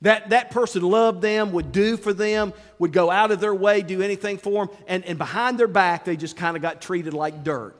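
A male pastor preaching an animated sermon to his congregation, acting out the quotes he tells and calling out to people in the pews. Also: high voice, normal speed, hardly any pauses. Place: church sanctuary. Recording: long reverb of a large hall.

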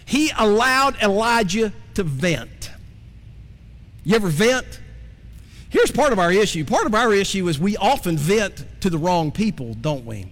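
A male pastor preaches with a high, lively voice that swings up and down as he talks. He keeps it conversational and turns to his listeners with questions. The sound carries a long reverb, as if from a large sanctuary. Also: unhurried. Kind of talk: sermon.

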